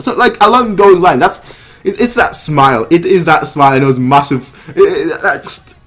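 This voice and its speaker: A man hosting a manga reaction, reading panels aloud and commenting excitedly, often repeating himself. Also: moderate pace. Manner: excitable, repeats himself, reads dialogue in a lower voice.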